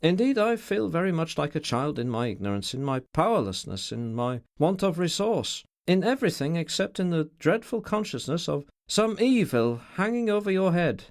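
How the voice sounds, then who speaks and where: A man reading an audiobook, voicing a troubled, formal middle-aged gentleman in a raised, strained voice. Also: fairly high pitch, very animated, moderate pace, hardly any pauses, pitched above the performer's own voice.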